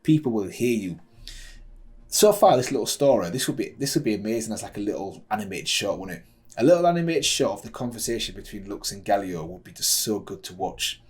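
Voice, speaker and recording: A man's voice: lowish voice, animated, fast talker, breathy edge. A man hosting a reaction channel, reading a story aloud and breaking off for casual, enthusiastic asides.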